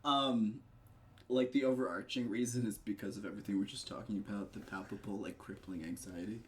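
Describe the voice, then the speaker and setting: A man's voice: lowish voice, fairly even intonation, fairly quick, a little hiss or hum. A man in a casual podcast chat, telling a rambling story full of filler words.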